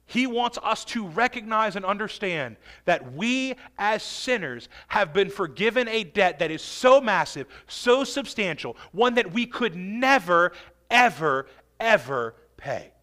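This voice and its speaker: High, bright-voiced man preaching a sermon. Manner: emphatic preaching, slows and swells on key phrases, drops to a hush. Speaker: pastor.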